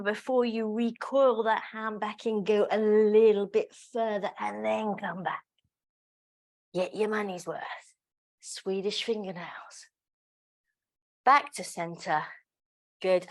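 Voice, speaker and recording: A woman instructor leading a pilates class. She calls out breathing and movement cues and counts reps aloud. She drops in playful, chatty asides between the cues. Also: mid-range voice. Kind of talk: live exercise class instruction.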